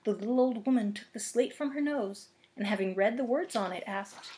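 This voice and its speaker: Woman librarian doing a children's read-aloud, gentle and expressive, a touch higher voice. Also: fairly quick.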